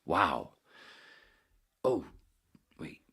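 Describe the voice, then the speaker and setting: Brief: male podcast host from the United States with a very low, deep voice, casual rambling chat full of swearing and mumbled asides. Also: big pitch swings, very slow, bright, forceful tone, husky.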